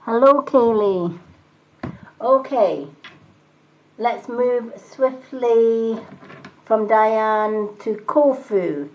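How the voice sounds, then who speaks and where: A woman doing live-stream tarot readings, talking calmly and reassuringly and greeting viewers by name. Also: a little high, drawn-out words, pauses often, highs cut off. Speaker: tarot reader and medium.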